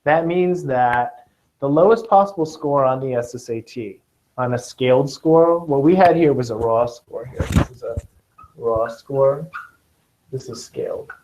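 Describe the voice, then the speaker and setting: A man's voice: medium pitch, measured pace, darkish tone, a little hiss or hum. A man teaching a test-prep class, joking and checking in with his students, with a Southern Californian accent. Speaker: tutor. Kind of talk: classroom lecture. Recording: dull lo-fi classroom recording.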